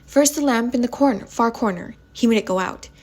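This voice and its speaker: A woman on an ASMR channel reading a spooky story aloud at home, softly, often stumbling over words and restarting them. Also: on the high side, a little fast.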